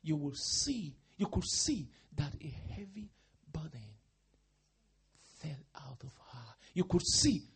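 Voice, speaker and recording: A man preaching a sermon as a pastor, with a raspy, husky voice and dramatic swings from hushed tones to shouting. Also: a little high, sing-song, takes it slowly.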